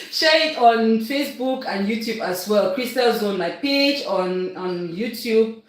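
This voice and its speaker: A woman's voice: mid-range voice, very echoey. A woman hosting a casual cooking live stream, chatting to viewers, repeating names and asking them to share links. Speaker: cooking channel host.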